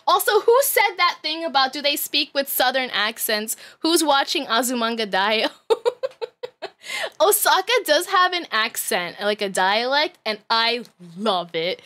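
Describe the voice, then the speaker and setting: A woman's voice: sits high, animated, measured pace, bright, forceful tone. A woman in her thirties chatting casually on a livestream, laughing often, swearing freely and rambling with lots of fillers. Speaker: streamer.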